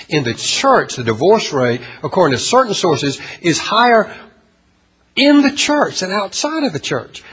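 A pastor preaching a sermon, halting and repeating words, asking the congregation rhetorical questions. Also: male voice, high voice, a bit bright, husky.

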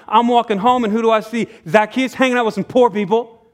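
In a church sanctuary, a pastor with an extremely high, steady voice preaches a sermon at a slightly quick pace. He tells a story with acted-out dialogue, sometimes dropping suddenly to a near whisper.

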